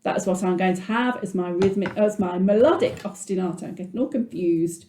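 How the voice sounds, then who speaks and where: A woman's voice: mid-range voice, fairly quick, dark tone, slight background noise. A woman music teacher guiding children patiently through an online lesson, talking them through her drawing as she goes. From England. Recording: echoey room.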